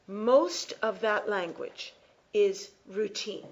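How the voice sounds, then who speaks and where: A woman teaching an English class, explaining slowly and repeating key phrases. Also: medium pitch. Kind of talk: classroom lecture.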